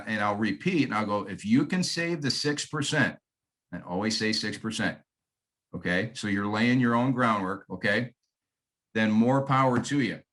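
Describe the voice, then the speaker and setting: A man coaching real estate agents, talking in a folksy and easygoing way. He acts out his sales calls and repeats the key lines so they stick. His voice sits at an ordinary middle pitch. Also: a bit bright. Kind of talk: sales training talk with acted call scripts.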